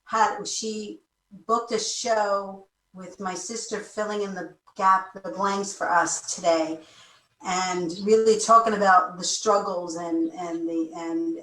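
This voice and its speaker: Woman host, lower-pitched, casual rambling intro style, distant and roomy recording. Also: fairly even intonation, slow pace, bright, forceful tone. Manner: rambling, circling back to rephrase. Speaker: show host. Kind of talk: casual talk-show introduction. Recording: echoey room, voice distant from mic.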